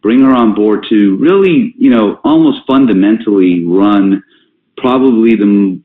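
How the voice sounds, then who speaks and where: A man's voice: fairly low pitch, a little slow. A man hosting a company conference call, talking casually with many fillers and restarts. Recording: tinny phone line with roomy echo.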